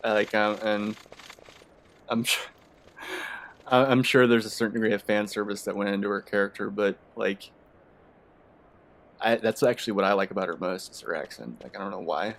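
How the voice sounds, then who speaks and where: A man's voice: fairly low pitch, normal speed, gravelly, pauses often, a bit bright. Rambling young man commenting on a game. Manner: rambling, lots of filler words. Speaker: let's play commentator. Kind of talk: casual gameplay commentary.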